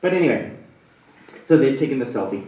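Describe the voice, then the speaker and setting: A man doing stand-up, telling a story in a rambling, animated way with plenty of fillers. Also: medium pitch, brisk. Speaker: stand-up comedian. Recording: echoey room from a distant mic.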